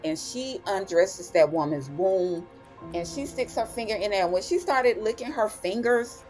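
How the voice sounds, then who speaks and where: A young woman giving a chatty, expressive episode recap, with slang asides as she retells the plot. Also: medium pitch, normal speed, faint music behind. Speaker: TV recap host.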